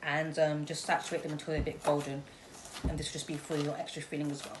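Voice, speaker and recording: Young female vlogger with a low voice, relaxed and self-deprecating while cooking; kitchen noise behind her. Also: fast talker. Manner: chatty, self-deprecating, with fillers and laughs. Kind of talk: casual cooking demonstration. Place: home kitchen. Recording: noisy kitchen recording.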